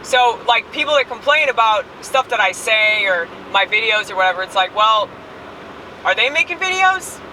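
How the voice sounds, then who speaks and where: An online comedian films herself on a phone while driving, ranting crudely in a brash, profane, rambling way. Her voice is a little high, animated, bright and forceful at a moderate pace, sounding far from the mic in a rough recording with a little hiss or hum.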